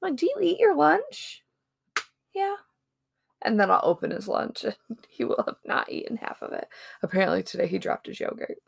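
Woman, thirties, very gravelly voice, dry close sound, chatty storyteller. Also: mid-range voice, big pitch swings, brisk, no echo. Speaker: podcast co-host. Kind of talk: casual chat.

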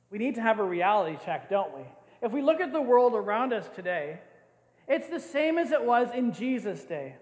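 An older man preaching a sermon as a pastor, playful and often laughing as he acts out scenes. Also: high voice. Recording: echoey hall with long reverb.

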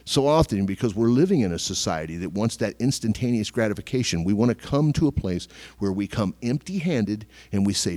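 Man, middle-aged pastor, sermon, emphatic, animated pitch. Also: a little fast, few pauses. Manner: emphatic preaching with repeated phrases.

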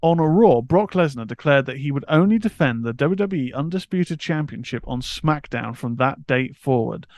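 A man's voice: a little high, normal speed, few pauses, no echo. A man co-hosting a wrestling podcast, chatting easily and reading out a history segment. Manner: relaxed, reads history segment. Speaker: podcast co-host. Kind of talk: casual chat.

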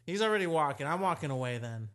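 A man's voice: fairly high pitch, animated, fast talker, fairly bright tone. A man playing a tabletop game, describing his character's actions in a casual, businesslike way. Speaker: player.

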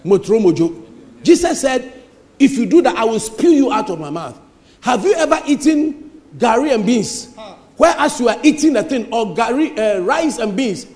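High-voiced preacher in echoing hall. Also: male voice, lively intonation, normal speed. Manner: emphatic, repetitive, rising to shouts. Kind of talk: lively sermon. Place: church hall. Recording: reverberant church hall.

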